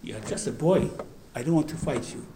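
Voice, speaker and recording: A man voicing a boastful, fierce male warrior who taunts his foes in a loud, raised voice. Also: a little high, fairly quick, roomy sound, a little hiss or hum, close to an everyday voice. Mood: dismissive.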